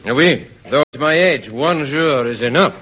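A man's voice: fairly high pitch, expressive, unhurried. Chauvelin, a leering comic Frenchman. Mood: scheming. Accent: put-on comic French. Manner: leering, punning, theatrical. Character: lecherous scheming French revolutionary envoy, male. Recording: muffled old broadcast, hiss, audience laughter.

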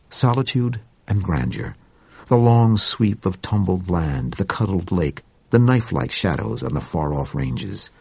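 A man's voice: low-pitched, vocal fry, darkish tone, slightly rough, no room sound, lo-fi sound. A man reading a story aloud in a lyrical, descriptive style as an audiobook narrator. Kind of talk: scripted narration.

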